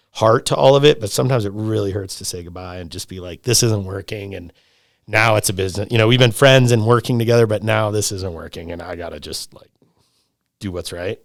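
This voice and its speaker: A middle-aged man in casual podcast conversation, talking in an animated, rambling way, swearing freely and repeating himself. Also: on the low side, fast, no room sound, studio quality. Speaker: lodge owner, podcast guest.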